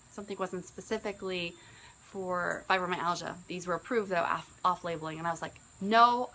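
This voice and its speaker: A woman's voice: medium pitch, fairly bright tone, slight background noise, low-quality recording. A woman in her early forties, a business coach, telling her own story in an earnest, conversational way. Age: 40s. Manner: earnest, conversational, with rises when quoting herself. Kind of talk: personal testimonial talk.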